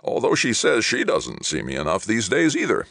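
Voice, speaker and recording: A man's voice: fairly low pitch, huge pitch swings, normal speed, vocal fry, fairly bright tone, dry recording, clean studio sound, voice pushed up, exaggerated voice. A man reading an audiobook, voicing a friendly, soothing middle-aged mayor. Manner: soothing, jovial politician.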